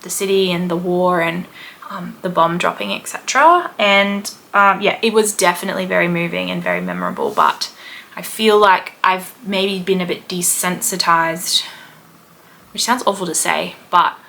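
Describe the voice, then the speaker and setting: Chatty Australian woman in her thirties, gravelly. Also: on the low side, lively intonation, normal speed, pushed and bright, slight background noise. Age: 30s. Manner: chatty and rambling, with many "like" and "um" fillers. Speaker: podcast host, history teacher. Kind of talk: casual chat, travel storytelling.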